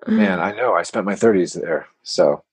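Husky low-voiced man, rambling guest. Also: moderate pace, dry recording. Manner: rambling, full of "like" fillers. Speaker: podcast guest. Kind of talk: casual conversation. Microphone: remote call recording.

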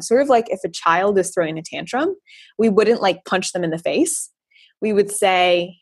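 A woman's voice: medium pitch, normal speed, husky, no echo. A woman author as a podcast guest, explaining her ideas step by step and acting out her own inner dialogue. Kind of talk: conversational interview.

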